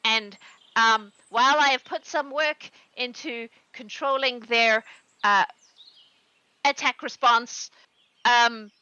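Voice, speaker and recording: A woman's voice: a little high, takes it slowly, long pauses, bright, forceful tone, clean tone, no echo, lo-fi sound. A woman running a tabletop game as game master, narrating with many fillers.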